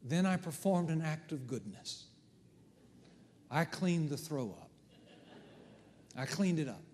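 A middle-aged man preaching a sermon as pastor, telling stories with big swings from hushed to loud. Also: fairly high pitch, expressive, slow pace. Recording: long hall reverb.

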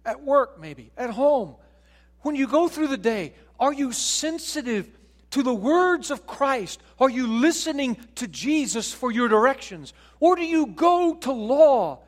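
Preaching as a pastor, this man moves between quiet, drawn-out passages and forceful, urgent questions. When he quotes others, he performs their voices, including an excited, high-pitched one.

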